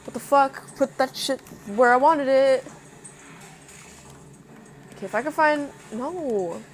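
A young woman playing a video game and commenting as she goes, cursing and reacting loudly to scares, then muttering to herself. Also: high voice, slow, slight background noise. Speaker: gameplay streamer. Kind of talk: casual let's-play commentary.

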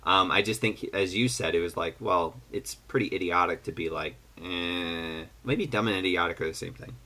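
A man hosting a casual chat, talking in an animated way with lots of fillers and restarts. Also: low voice, moderate pace. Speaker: podcast host. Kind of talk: casual chat, guessing game.

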